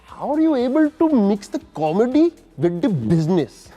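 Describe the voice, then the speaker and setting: Man putting on a high chummy interviewer. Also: very animated, moderate pace, warm tone, faint music behind. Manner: chatty, keeps adding "huh?" and "bro".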